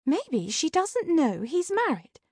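A woman's voice: slow pace, no room sound, studio quality, heavily acted. A woman reading an audiobook, voicing a wry, teasing female ghost sidekick with sarcastic quips in a raised voice. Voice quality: higher, lively voice.

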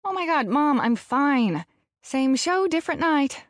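A woman's voice: a little high, big pitch swings, unhurried, dry recording, clean studio sound, voice pushed up. A woman voicing a defiant, sarcastic seventeen-year-old girl performer in audiobook dialogue. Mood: snappy. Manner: snappy and sarcastic.

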